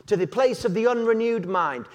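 A man preaching an impassioned sermon that builds to shouting. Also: high voice, lively intonation, moderate pace. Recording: echoey hall reverb.

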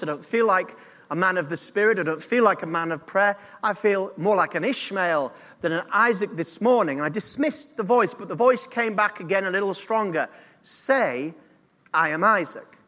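High-voiced preaching man in echoing hall. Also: pushed and bright. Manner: earnest preaching with audience call-and-response. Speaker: pastor. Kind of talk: sermon.

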